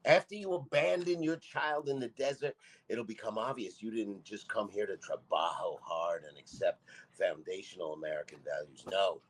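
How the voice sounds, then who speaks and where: Brash, husky-voiced man reading comedy. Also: on the low side, normal speed. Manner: brash, abrasive, loud and mocking. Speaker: guest comedian. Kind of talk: comedy script table read.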